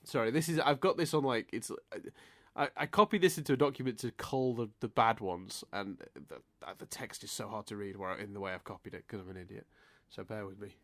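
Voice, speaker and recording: An English man hosts a casual podcast chat, sounding stuffy from hay fever and rambling with many restarts. His voice is fairly low and fairly quick, with no echo.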